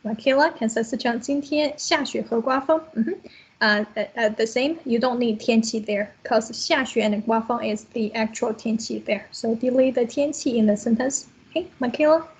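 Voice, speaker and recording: A woman's voice: fairly high pitch, moderate pace, slightly rough, rough recording. A woman teaching a language class online, explaining patiently step by step over a video call.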